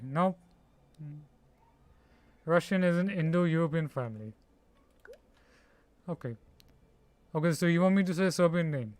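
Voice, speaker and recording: Slow, halting man streaming a strategy game. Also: a little high, clear, resonant tone, no echo. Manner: halting, tries out names slowly, laughs at himself. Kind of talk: casual live-stream chat.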